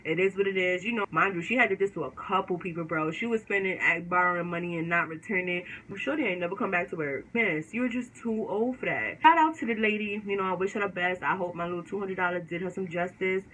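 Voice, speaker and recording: A woman vlogger telling a storytime to her viewers in slangy, animated casual talk. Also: lowish voice, fast talker, hardly any pauses, slight background noise, poor audio.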